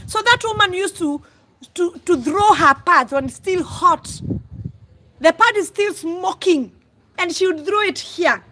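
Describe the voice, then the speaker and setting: A Kenyan woman hosting a casual live stream, talking loudly and exclaiming as she answers her viewers. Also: very high-pitched, expressive, a little slow, a little hiss or hum, low-quality recording. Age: adult, mother of school-age children. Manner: loud, exclaiming, calls herself a screamer.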